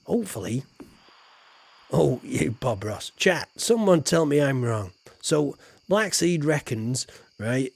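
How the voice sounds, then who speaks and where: A man's voice: mid-range voice, vocal fry, slightly rough. A man with a Yorkshire accent chatting casually and jokily to his viewers while playing a game. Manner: chatty, jokey, banters with chat, slips into put-on voices. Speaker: streamer. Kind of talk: casual game-stream chat.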